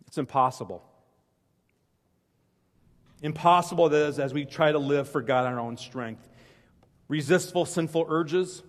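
A man's voice: fairly high pitch, in a large hall. A man preaching a conversational sermon, telling personal stories in a chatty, self-deprecating way with frequent restarts.

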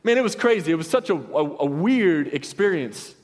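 A young pastor tells a story in his sermon, rambling casually with slangy asides and many restarts. His voice is a little high with lively intonation at a moderate pace, heard in a large hall.

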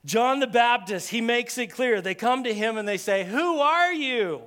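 Animated man preaching a sermon. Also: very high voice, moderate pace, smooth. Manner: conversational, animated preaching with dramatic quoted voices. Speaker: pastor.

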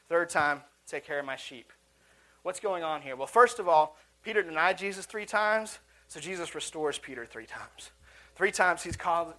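A man's voice: on the high side, pushed and bright. A male pastor preaching a sermon in a church auditorium, earnest and conversational, with asides and restarts.

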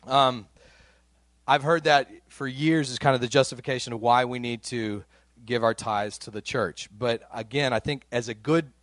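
A middle-aged man preaching a sermon in a casual, animated way, often repeating words as he goes. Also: mid-range voice, normal speed, no echo. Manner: conversational, animated, with frequent repeated words and laughs. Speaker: pastor.

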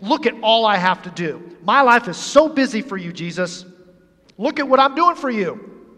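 A man's voice: fairly high pitch, lively intonation, fast, in a large hall, pitched below the performer's own voice, close to an everyday voice. A male pastor voicing a frazzled, irritated woman overwhelmed by chores, complaining in exasperation. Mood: frustrated.

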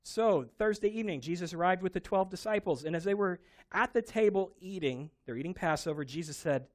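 A man preaching a sermon, telling a Bible story with animated emphasis. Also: high-pitched, a little fast. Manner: animated storytelling, acting out quoted voices. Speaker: pastor.

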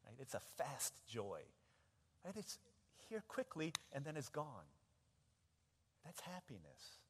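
A man preaching a sermon, telling stories in an animated way and acting out voices, swinging from hushed to loud. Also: mid-range voice, takes it slowly, in a large hall, noisy background. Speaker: pastor.

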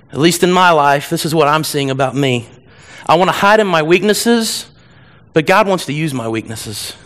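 A middle-aged man preaches a sermon to a church. His voice sits fairly high, and he keeps it animated and humorous, slipping into whiny voices to act out scenes. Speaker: pastor.

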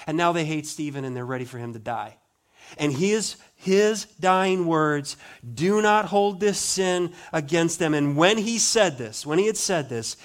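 This pastor has a high voice and preaches his sermon with drama, slowing for emphasis and then dropping down to soft asides.

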